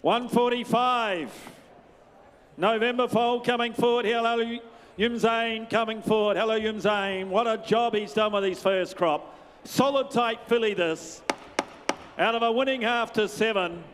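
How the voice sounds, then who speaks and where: A male auctioneer with a New Zealand accent rattles off bids in a quick, rhythmic chant, breaking off to coax and tease the bidders. His voice sits high and rings out clear and smooth. It carries a long reverb from the large sales hall. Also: a bit bright. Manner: fast rhythmic bid calling with banter to bidders.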